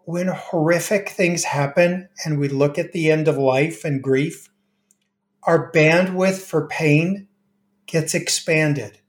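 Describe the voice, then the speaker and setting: A middle-aged man telling gentle, unhurried stories as a guest in a conversation, acting out the voices of people he quotes. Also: a little high. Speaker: grief expert guest. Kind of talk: storytelling in conversation. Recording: roomy echo.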